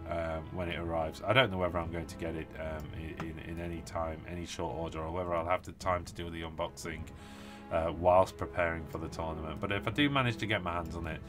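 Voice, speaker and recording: A British man hosting a live stream about tabletop wargaming, chatting casually and enthusiastically with many fillers while tired from little sleep. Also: sits low.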